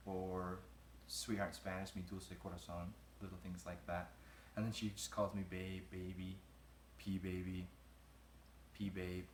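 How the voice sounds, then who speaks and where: A man's voice: fairly low pitch, fairly bright tone, a little hiss or hum. A young man, a groom-to-be, answering interview questions in a casual, rambling way, trailing off and laughing between thoughts. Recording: roomy echo.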